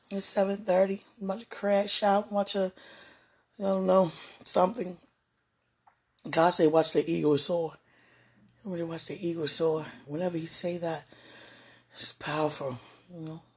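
A woman in casual devotional chat, talking softly and affectionately in a drifting, intimate way. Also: on the low side, husky.

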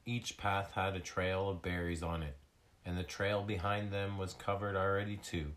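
A man narrating a children's chapter book aloud in a steady reading manner. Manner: slow, steady, deep-voiced reading.

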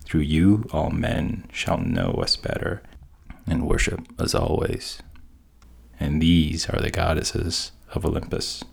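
Solemn goddesses call down from the heavens, voiced by a man retelling a story. The voice sits very deep and slow, with a gravelly, husky edge. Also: big pitch swings, exaggerated voice. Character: chorus of commanding female goddesses.

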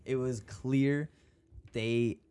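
Animated man chatting about football. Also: mid-range voice, very slow, clear, resonant tone. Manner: animated, swearing, laughing often. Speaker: podcast co-host. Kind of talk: casual sports chat.

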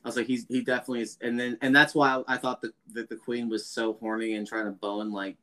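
A man's voice: mid-range voice, flat delivery, quick pace, pushed and bright. A man co-hosting a podcast, casually sharing his take on a film with jokes along the way. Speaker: podcast co-host.

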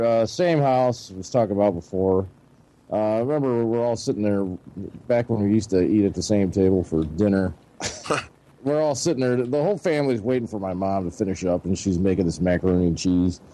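A man with a Midwestern American accent, retelling a family story in a profane, lively way. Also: fairly low pitch. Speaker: podcast co-host telling stories. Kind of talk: casual storytelling among friends.

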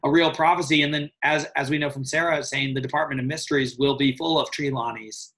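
A man talks through ideas in a relaxed podcast chat, voice sitting at an ordinary middle pitch. He is thoughtful and wanders from point to point, chuckling now and then. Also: fast, low-quality recording. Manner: thoughtful, digressive, chuckles often. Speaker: podcast co-host. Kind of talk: casual book discussion.

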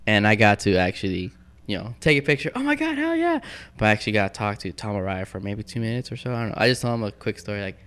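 A man chatting casually as a podcast guest, telling animated stories and acting out quotes. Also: fairly low pitch, very fast, clear, resonant tone. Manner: animated storyteller, acts out quotes. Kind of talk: casual chat.

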